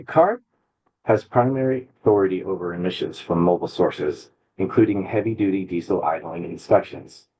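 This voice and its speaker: Low, dark-voiced man presenting slides. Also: rough recording. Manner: halting, with restarts and fillers. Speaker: agency staff presenter. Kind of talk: slide presentation at a public meeting. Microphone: computer mic on a video call.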